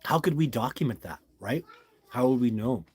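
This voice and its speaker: A man hosts a casual live stream at home and reads viewer comments aloud. He rambles with easygoing enthusiasm and often addresses the listener directly. His voice sits at an ordinary middle pitch. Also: animated, moderate pace, a little mellow, husky, no room sound. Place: at home with a dog nearby.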